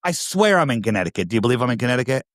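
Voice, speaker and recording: A man's voice: medium pitch, very animated, racing, no room sound, studio quality. A man with a New York area accent, talking as a guest on a video call, pressing his points with emphatic rhetorical questions. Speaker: podcast guest. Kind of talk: casual conversation.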